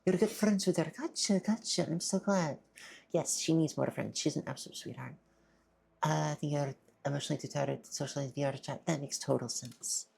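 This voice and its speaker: A woman streamer in casual live-stream chat, soft-spoken, shy and stammering as she thanks her viewers. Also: low voice, brisk, gravelly, husky.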